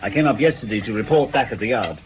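An actor playing an earnest, frustrated police inspector in a radio drama, reporting in a plain, matter-of-fact way. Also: male voice, lowish voice, animated, quick pace, natural voice. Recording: tinny phone-like radio broadcast with faint hiss.

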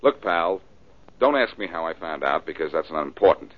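A wisecracking cool detective. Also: male voice, low-pitched, animated, moderate pace. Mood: cocky. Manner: dry wisecracks, easygoing. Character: wisecracking male ex-thief detective, cool and cocky. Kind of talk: 1940s radio acting. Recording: dull old radio broadcast.

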